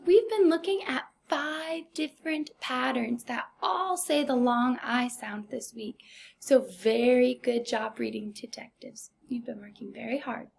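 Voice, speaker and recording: Slow, high-voiced teacher with vocal fry. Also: female voice, darkish tone. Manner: slow, deliberate, encouraging teacher talk. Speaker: first grade teacher. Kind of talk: recorded remote phonics lesson.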